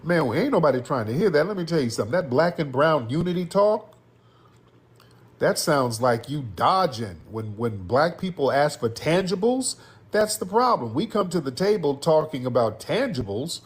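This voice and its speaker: Husky, lively-voiced male commentator. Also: a little high, normal speed. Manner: emphatic, animated, scolding. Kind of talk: political commentary.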